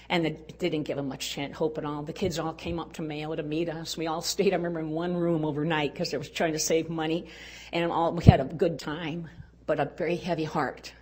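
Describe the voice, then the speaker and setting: An older woman speaking at a women's conference, telling a personal story in an earnest way and dropping to a hush at tender moments. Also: fairly low pitch. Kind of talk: storytelling talk.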